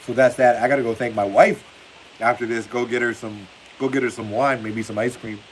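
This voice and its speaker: A man's voice: medium pitch, fairly even intonation, fairly quick. A man hosting a football livestream in casual chat, reading viewer comments aloud and laughing often. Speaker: livestream host. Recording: faint hiss behind the voice.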